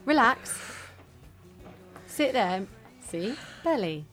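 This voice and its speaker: A woman's voice: a little high, big pitch swings, drawn-out words, a bit bright, faint music behind. A woman vocal coach chatting on a podcast, teasing and then giving breathing tips. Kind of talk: casual podcast chat.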